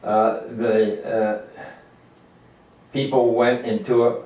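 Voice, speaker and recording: An older man teaches a Torah lesson at an unhurried pace, stopping often to search for words and restart. His voice reaches the mic from a distance in a roomy, echoing space. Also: lowish voice, little pitch movement, darkish tone. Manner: halting, many fillers and restarts. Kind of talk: informal religious lecture. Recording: echoey room, distant mic.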